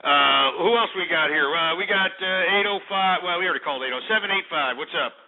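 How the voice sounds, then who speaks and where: A radio talk show host runs a call-in program, ranting brashly and insulting his callers in a fairly high-pitched voice at a brisk pace. The audio is narrow and phone-like.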